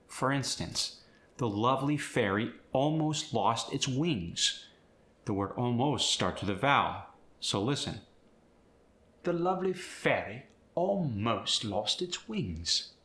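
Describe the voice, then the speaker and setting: Speaking at medium pitch with a fairly bright tone, a man who coaches acting and accents explains how British accent sounds work and then demonstrates words in that accent for an instructional video.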